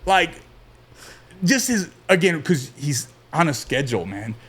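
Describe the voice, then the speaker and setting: A man guest on a podcast, telling stories from his childhood in a relaxed, rambling way, with many fillers and restarts. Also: on the high side, a little slow, breathy edge. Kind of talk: casual storytelling interview.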